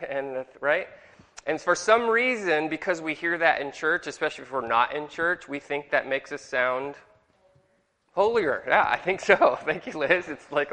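A man's voice: fairly high pitch, expressive, normal speed, bright, forceful tone. A middle-aged man teaching a Bible class in a jokey way and asking the room questions. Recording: long hall reverb.

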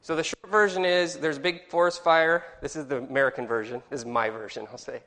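A man's voice: on the high side, steady tone, brisk, bright, forceful tone. A man teaching a Sunday school class, chatty and joking, asking the group questions. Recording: long reverb in a hall.

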